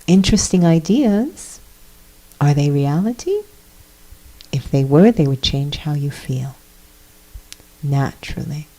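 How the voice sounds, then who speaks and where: A woman with a low, warm, mellow voice gives a reflective spiritual talk. She speaks softly and earnestly, often pausing with fillers as she searches for words. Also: lively intonation, rough recording. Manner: soft-spoken and earnest, with hesitant fillers. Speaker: guest speaker, meditation teacher.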